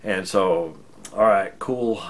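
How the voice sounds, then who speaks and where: Brief: low-voiced American man, casual comic storyteller, self-deprecating. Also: slow pace. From United States.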